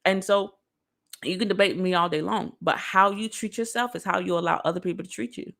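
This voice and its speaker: A woman giving a casual motivational talk on self-love straight to her viewers, lively and preachy. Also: on the low side, fairly quick, creaky. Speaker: motivational speaker.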